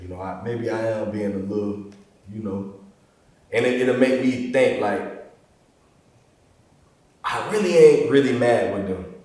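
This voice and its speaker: A laid-back podcast host with a medium-pitched voice chats casually, recorded in an echoey room with the mic far away. He's relaxed and rambling, saying "bro" and "you know" often.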